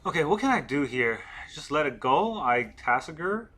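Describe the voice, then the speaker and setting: A man's voice: a little high, very animated, moderate pace, fairly bright tone, soft background music. A man thinking aloud as he plays a digital card game, counting cards and questioning his own moves. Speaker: gameplay streamer.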